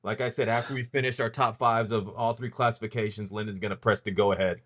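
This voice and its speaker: Low-voiced man hosting a casual podcast. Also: steady tone, fast, a bit bright. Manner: loose and talkative, full of ums and restarts. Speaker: podcast host leading a rankings reveal.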